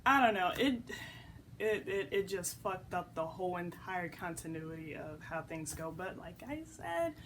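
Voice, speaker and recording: A woman's voice: lowish voice, animated, a little slow, a bit bright, slight background noise. A young woman giving a blunt, casual movie review, full of "like" fillers and offhand swearing.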